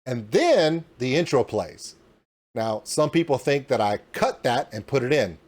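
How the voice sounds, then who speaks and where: A man's voice: medium pitch, a little slow. A man hosting his own reaction channel, walking viewers through his home streaming setup in a casual, demonstrative way. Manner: animated and demonstrative, pointing things out. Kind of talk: casual tutorial walkthrough.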